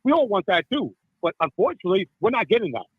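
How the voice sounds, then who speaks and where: Impassioned husky middle-aged man on a phone line. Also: high voice, sing-song, fast, dry recording. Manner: impassioned, repeats "listen" and "okay". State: upset. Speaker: caller. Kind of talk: emotional call-in talk.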